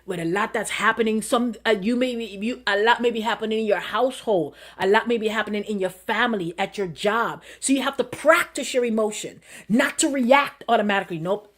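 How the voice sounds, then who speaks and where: A middle-aged woman pastor preaching in a conversational style, repeating phrases, asking the listeners questions and dropping to a quiet murmur when she repeats her calming self-talk. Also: on the high side, fairly quick, hardly any pauses. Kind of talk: sermon.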